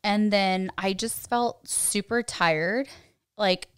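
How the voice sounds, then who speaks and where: Smooth-voiced chatty young woman. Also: slow pace. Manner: chatty storyteller, acts out quotes in a higher voice. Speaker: podcast co-host. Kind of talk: casual chat.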